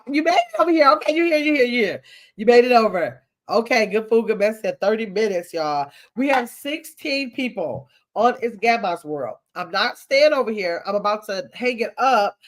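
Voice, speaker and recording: On her livestream, a chatty older woman with a fairly high voice reads viewer comments aloud. The talk is casual and playful.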